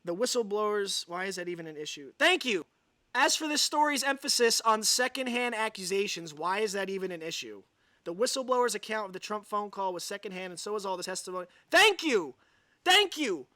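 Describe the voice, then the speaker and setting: Male livestream host, high and lively voice, sarcastic commentary, dry sound. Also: fast talker, no room sound. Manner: sarcastic, exasperated, sighs. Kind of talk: ranting live commentary, reading an article aloud.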